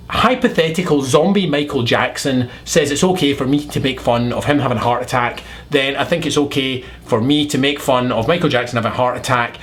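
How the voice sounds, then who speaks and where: A man from Scotland with a Scottish accent, giving a deadpan, mock-sincere comic monologue full of rambling asides. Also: on the high side. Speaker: comedy vlogger.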